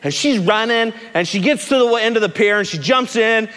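A man preaching a sermon to a recovery group, telling a story with lively swings from shouting to soft, low speech. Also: fairly quick, big-room sound. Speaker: pastor at a recovery ministry. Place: large room with a gathered group.

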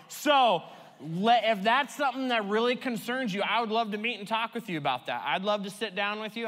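A man's voice: high voice, a bit bright. A man preaching a sermon in a conversational, emphatic way, playfully repeating words for effect. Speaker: pastor. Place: church sanctuary. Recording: long hall reverb.

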